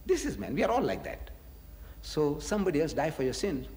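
Animated man preaching in echoey hall. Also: on the high side, fairly quick. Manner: animated, rhetorical questions, chuckles often. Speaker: religious lecturer. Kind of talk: preaching lecture to an audience.

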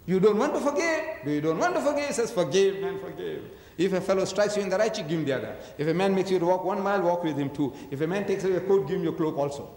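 A man's voice: high voice, expressive, rapid-fire, hardly any pauses, a little mellow. Emphatic man lecturing in a hall. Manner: emphatic, rhetorical questions, acts out voices in anecdotes. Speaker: religious lecturer. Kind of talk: public lecture on religion. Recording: echoey hall reverb.

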